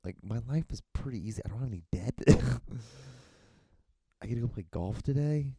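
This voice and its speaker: A man's voice: medium pitch, animated, brisk, vocal fry, warm tone, breathy edge, dry recording. A young man hosting a solo podcast, rambling in casual chat, swearing often and acting out quoted lines. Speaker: podcast host.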